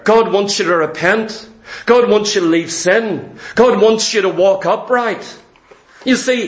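A man's voice: sits high, fairly bright tone. A man preaching a sermon with fervor, firing off rhetorical questions and quoting opponents mockingly. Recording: echoey room.

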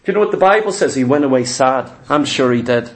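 A man delivers a sermon with animated emphasis, frequently firing questions at his listeners. His voice sits in the mid range and moves fast.

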